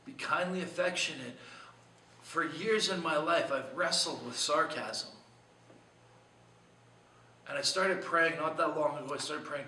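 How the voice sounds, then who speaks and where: Preacher guy talking earnestly, bright voice, mic a ways off in an echoey room. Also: fairly high pitch, unhurried, pauses often, distant mic, a little hiss or hum. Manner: earnest, conversational preaching with rhetorical questions. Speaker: pastor. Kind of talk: short devotional sermon.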